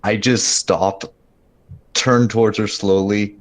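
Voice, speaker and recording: A man's voice: fairly low pitch, fairly even intonation, slow. A man playing a tabletop role-playing game, describing his character's actions in a wry way. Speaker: player.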